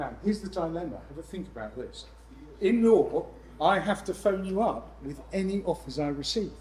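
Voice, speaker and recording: A man presenting to a room of landlords, lively and jokey with exasperated asides. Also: a little high, a little hiss or hum, poor audio. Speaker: letting agent speaking at a landlord event. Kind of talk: live seminar presentation.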